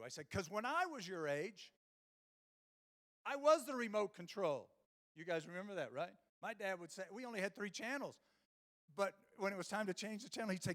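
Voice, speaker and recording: Middle-aged male keynote speaker, high-pitched, anecdotal and ranting. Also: lively intonation, moderate pace, a bit bright. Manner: storytelling with quoted dialogue and rants. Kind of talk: humorous conference keynote. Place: conference stage before a live audience.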